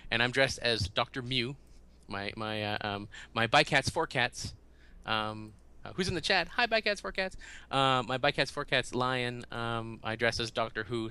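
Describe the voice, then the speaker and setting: A man as a podcast guest, telling stories in a halting, animated way and acting out quotes in a raised voice. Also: medium pitch, clear, resonant tone. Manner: halting, often restarts. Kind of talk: casual storytelling in an interview.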